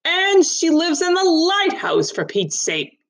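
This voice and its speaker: A woman's voice: extremely high pitch, huge pitch swings, takes it slowly, voice pushed up, heavily acted. Woman doing a scornful village accuser. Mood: accusing. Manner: blunt, rough, scornful. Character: blunt, hostile village man accusing a neighbor.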